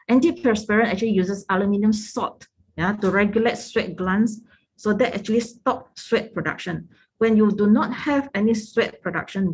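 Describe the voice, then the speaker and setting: A woman's voice: medium pitch, a little mellow, slightly rough, low-quality recording. A woman, a product trainer explaining things step by step and asking rhetorical questions. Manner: explanatory, asks rhetorical questions, ends points with "yeah?".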